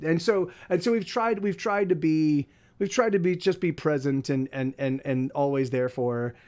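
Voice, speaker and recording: High-voiced man rambling casually. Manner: rambling, many restarts and repeated words; soft baby talk to his dog. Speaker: livestream host. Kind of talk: casual chat.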